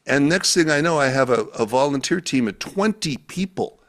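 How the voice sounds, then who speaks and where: An American man, a guest who organizes events, tells a story in casual conversation over a video call from home, performing the dialogue he quotes. His voice is a little high and animated, at a normal speed.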